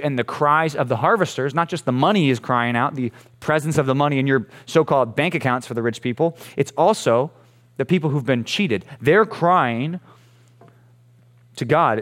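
A man preaching a casual, energetic youth sermon, joking and asking rhetorical questions as he walks through a Bible passage. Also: fairly high pitch. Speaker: youth pastor.

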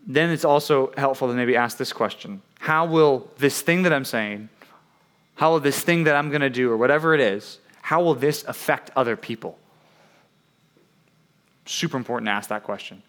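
A male youth preacher with a voice of ordinary pitch, neither high nor low. He talks to his young listeners casually, checks in with "right?" and slips into playful voices for the people he quotes. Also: normal speed, a bit bright. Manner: conversational, keeps asking "right?" and acts out quoted voices.

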